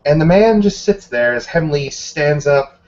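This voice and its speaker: A man's voice: fairly high pitch, lively intonation, measured pace, a little mellow. Man narrating as game master, lo-fi. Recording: dull lo-fi recording.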